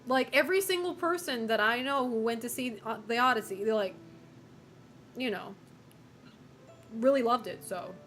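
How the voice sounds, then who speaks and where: A woman's voice: fairly high pitch, moderate pace, long pauses, fairly bright tone, soft background music. A woman streamer chatting casually with viewers, opinionated, swearing and laughing often.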